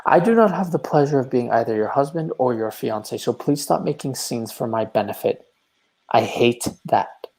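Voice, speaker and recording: A man voicing a blunt, quick-tempered male landowner who talks in scorn and mockery, in a stage play read over a video call. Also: mid-range voice, lively intonation, gravelly, darkish tone. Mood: curt. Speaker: actor in a live online reading.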